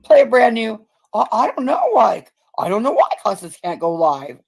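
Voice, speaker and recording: A woman's voice: medium pitch, huge pitch swings, moderate pace, gravelly, breathy edge. A woman on a livestream who talks bluntly and mockingly and swears freely. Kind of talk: casual livestream chat.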